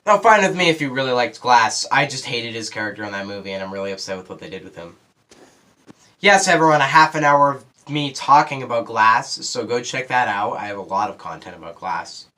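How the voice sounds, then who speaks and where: A teenage boy giving a casual spoiler review of a movie, rambling with lots of fillers and quick asides. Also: medium pitch, lively intonation, sharp tone. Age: teens.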